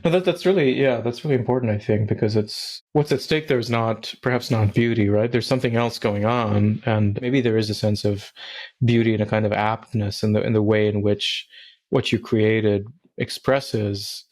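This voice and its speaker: Man, low voice, podcast host, thoughtful, halting. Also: fairly even intonation, darkish tone. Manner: thoughtful, halting, repeats words while searching for phrasing. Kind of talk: reflective interview talk.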